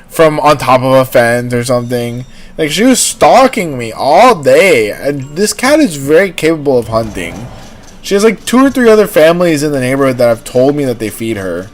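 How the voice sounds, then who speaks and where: A man hosting a livestream who talks in a loose, rambling way, with constant "like" and "you know". His voice sits at a middling pitch for a man. Faint music plays in the background. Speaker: livestream host. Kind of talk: casual rambling chat.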